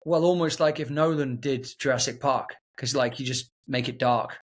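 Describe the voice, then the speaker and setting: A man co-hosting a podcast, excitable and stumbling over words as he talks about films. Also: mid-range voice, normal speed. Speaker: podcast co-host. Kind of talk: casual film chat.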